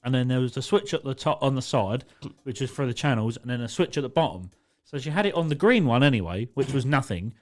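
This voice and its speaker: A young man, co-hosting a podcast in casual chat. He tells stories in an animated way, laughs often and swears freely. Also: mid-range voice, quick pace, hardly any pauses. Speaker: podcast co-host.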